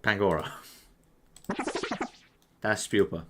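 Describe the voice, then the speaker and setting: Young guy, lowish voice, cursing and self-mocking through a quiz; clear mouse clicks behind. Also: slow, very noisy. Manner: swearing, self-mocking, thinking aloud. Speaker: quiz player. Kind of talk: casual gaming commentary.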